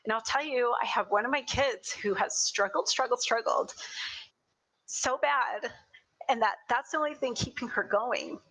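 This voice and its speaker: A woman in her forties speaks from home over a video call, earnest and emotional, her talk rambling and full of restarts. Her voice is bright and sits a little high. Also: normal speed, poor audio. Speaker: school board president. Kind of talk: virtual board meeting remarks.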